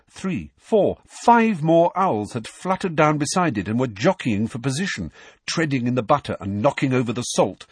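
Male audiobook narrator, expressive, husky, dry close sound. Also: medium pitch, no echo. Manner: expressive, storytelling. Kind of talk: scripted narration.

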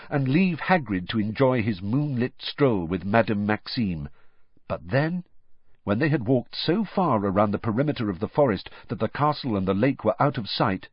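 A man narrating an audiobook with expressive, varied storytelling. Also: mid-range voice, husky, dry recording. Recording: dull, dry lo-fi recording.

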